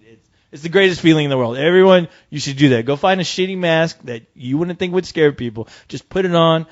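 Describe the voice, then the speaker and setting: A man in casual podcast chat, spinning an animated, profane yarn with easy laughs. His voice sits slightly high. The recording sounds dull and lo-fi. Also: fairly quick. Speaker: co-host.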